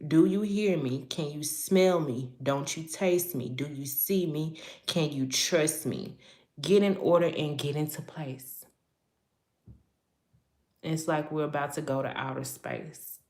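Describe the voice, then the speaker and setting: Woman preacher giving a prophetic word, low voice, rhythmic rhyming delivery, echoey room. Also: takes it slowly, darkish tone. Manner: casual, laughs often while talking. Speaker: prophetic speaker.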